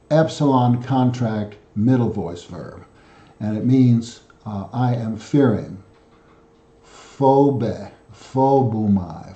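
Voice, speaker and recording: Man, lowish mellow voice, patient step-by-step grammar walkthrough, letter-by-letter, roomy muffled home recording. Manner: methodical, spells out letters one by one with frequent pauses. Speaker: self-taught Greek lesson presenter. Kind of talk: spoken grammar lesson.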